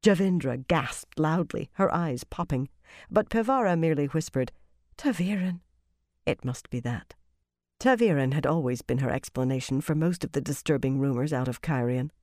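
An audiobook narrator reading a fantasy novel in a measured, expressive way. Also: mid-range voice, no echo, studio quality.

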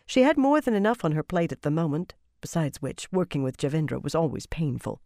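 An audiobook narrator reading a fantasy novel in a measured, expressive way. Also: mid-range voice, gravelly, dry recording, studio quality.

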